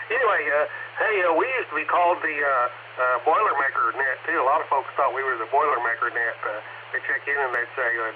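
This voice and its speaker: A man's voice: mid-range voice, a little fast. Chatty Oklahoma man over a hissy radio. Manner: chatty, telling a light anecdote. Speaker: radio net caller. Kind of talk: amateur radio check-in. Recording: tinny radio transmission with clear hiss.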